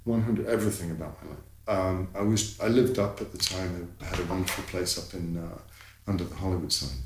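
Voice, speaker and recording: A man, a guest telling a personal story in conversation, animated and candid, his voice climbing in the tense parts, with fillers and swearing. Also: low-pitched, a little fast, echoey room, a little hiss or hum, low-quality recording. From London, England.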